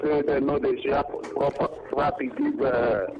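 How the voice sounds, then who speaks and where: A man's voice: medium pitch, steady tone, slow. A man with a Nigerian accent calling in to a radio show, explaining a local custom insistently over the phone. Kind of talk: casual phone-in talk. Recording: muffled phone line with loud crowd behind.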